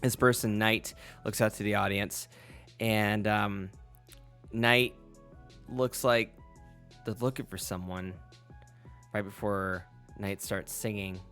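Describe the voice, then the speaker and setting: Smooth-voiced man narrating a tabletop game. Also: lowish voice, steady tone, slow pace, long pauses, fairly bright tone, faint music behind. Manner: loose, chatty narration with many fillers and restarts. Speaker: game master.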